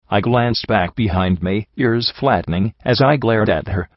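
A man reading a first-person fan fiction story aloud in a wry, even manner. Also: lowish voice, normal speed, hardly any pauses, dry recording, dull audio. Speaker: audiobook reader.

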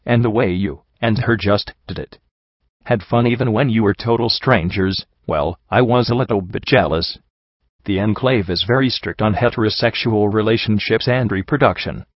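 A man's voice: on the low side, moderate pace, no echo, lo-fi sound, close to an everyday voice. A man voicing an anxious, conflicted young female pegasus in a story reading, speaking hesitantly. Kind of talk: audiobook reading.

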